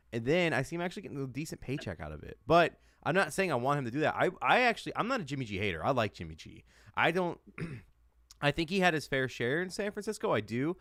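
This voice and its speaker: A heated American man co-hosting a sports podcast, swearing freely and circling back to the same point over and over. His voice sits at an ordinary pitch and comes through a close, dry mic with no room sound. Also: a bit bright, no echo. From United States. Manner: heated, swears a lot, repeats himself. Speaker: podcast co-host. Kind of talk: profane sports rant.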